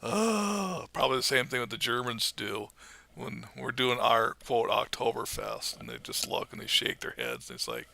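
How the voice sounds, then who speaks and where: Gravelly, bright-voiced middle-aged man. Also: medium pitch, animated, moderate pace. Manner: wry, grumbling asides. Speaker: podcast co-host. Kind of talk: casual podcast chat.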